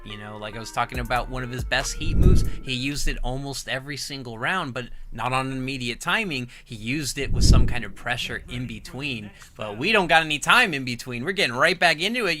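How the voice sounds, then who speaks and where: A man commentating a fighting game tournament, animated and excitable, laughing often. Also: medium pitch. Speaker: esports commentator.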